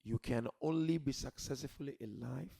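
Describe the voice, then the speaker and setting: A man preaching a sermon to a gathering, swinging from soft pleading to loud shouted emphasis, asking rhetorical questions and repeating key words. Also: mid-range voice, moderate pace, vocal fry, slightly rough.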